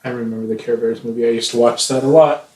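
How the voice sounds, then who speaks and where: A man in his thirties trades sarcastic, teasing remarks in casual podcast chat, cursing freely. His pitch is an ordinary middle. The room adds a clear echo around him. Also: fairly even intonation, fast, a little mellow, distant mic. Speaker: podcast co-host. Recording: roomy echo.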